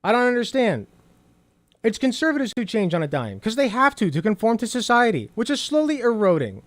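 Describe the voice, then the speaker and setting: Sarcastic, profane, high-pitched man. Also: very animated, fairly quick, no room sound. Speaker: host. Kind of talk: reaction commentary.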